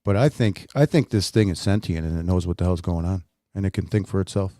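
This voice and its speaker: A man's voice: low-pitched, fast talker, mellow, dry recording, studio quality. A middle-aged man co-hosting a casual talk show, telling stories and laughing at himself. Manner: storytelling, laughs often, self-deprecating. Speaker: co-host. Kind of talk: casual chat.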